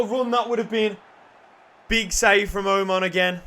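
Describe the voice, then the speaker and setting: A young man commentating his own football video game, excitable, muttering and then shouting, swearing and joking. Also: high-pitched, moderate pace. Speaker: gaming YouTuber. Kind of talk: live gameplay commentary.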